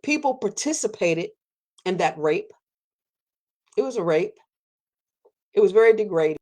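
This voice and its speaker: A woman giving an emphatic personal monologue as a podcast host, repeating phrases for weight and jumping sharply up in pitch when stirred. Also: lively intonation, a little slow, darkish tone. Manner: fiery, repetitive, preacherly emphasis with sudden pitch jumps.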